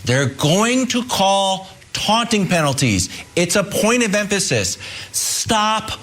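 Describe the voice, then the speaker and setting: Brief: male debater, high voice, animated, finger-wagging lecture. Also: slow. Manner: lecturing, scolding. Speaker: sports debate co-host. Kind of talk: heated sports debate.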